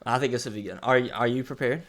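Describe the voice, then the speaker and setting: A man co-hosting a podcast in casual banter, playful and quick to laugh. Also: medium pitch. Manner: animated, laughs easily, playful. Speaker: podcast co-host.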